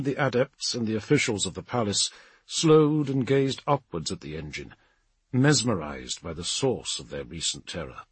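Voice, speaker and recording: A male audiobook narrator with a husky voice reads with dramatic, expressive delivery, his pitch rising and falling in a lively way. The recording is dry and close, with no room sound. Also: dry recording. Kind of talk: scripted narration.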